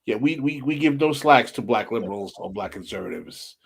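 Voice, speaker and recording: A man hosting an interview podcast, asking questions in an emphatic, provocative and animated way. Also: mid-range voice, brisk, gravelly, slightly rough. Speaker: podcast host.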